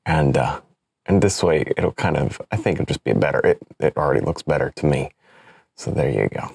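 Deep husky guy showing how to paint, chill and chatty, dry close sound. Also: a little fast, no room sound. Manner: relaxed, chatty, thinks aloud with small laughs. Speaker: painting instructor. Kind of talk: painting demonstration.

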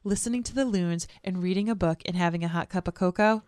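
A woman in her forties from New England, hosting a casual podcast recap in an animated, playful way. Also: on the low side, fast, smooth, no room sound, clean studio sound. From New England, United States. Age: 40s. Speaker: podcast host.

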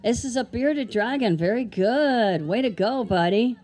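A woman's voice: a little high, expressive, a little slow, darkish tone, a little hiss or hum. A woman presenting animals at a live children's show, chatty and playful, asking the kids lots of questions. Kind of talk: live educational talk to kids. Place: outdoor amphitheater.

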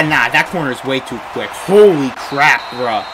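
A young man giving live commentary while playing a football video game, ranting in frustration, swinging between low mutters and loud outbursts. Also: animated, normal speed, background noise. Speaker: gaming YouTuber.

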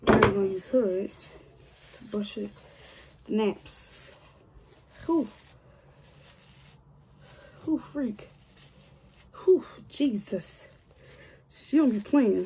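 A woman's voice: mid-range voice, takes it slowly, pauses often, noisy background. A woman chatting casually to her viewers while doing her own hair, joking and grumbling to herself as she goes. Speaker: hair vlogger.

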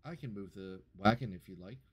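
A man voicing a helpful female adventurer who offers to move the wagon, speaking softly and offhand. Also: on the low side, brisk, slight background noise, close to an everyday voice. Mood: obliging.

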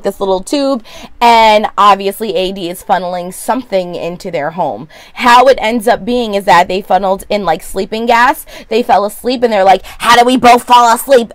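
A woman giving a sassy, opinionated recap of a TV episode in a casual vlog, full of quick asides. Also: medium pitch, no echo. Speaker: vlogger.

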